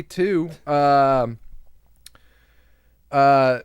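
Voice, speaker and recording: A man's voice: medium pitch, very animated, unhurried, vocal fry, no echo. Male podcast co-host, casual recap chat, laughs a lot, bouncy delivery, dry close-mic sound. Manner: joking, laughs often, acts out lines.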